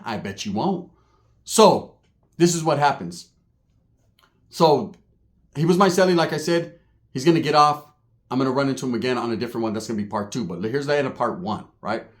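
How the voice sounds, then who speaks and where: Animated, higher-pitched male storyteller. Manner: animated, jokey, swings between loud and hushed. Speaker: storyteller recalling prison time. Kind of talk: casual profane storytelling.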